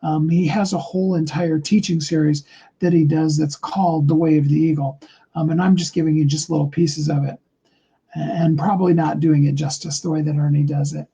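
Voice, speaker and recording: A man giving a motivational talk, telling a story slowly and deliberately, with many fillers and restarts. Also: a little high, flat delivery, vocal fry, mellow, breathy edge, low-quality recording. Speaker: motivational speaker.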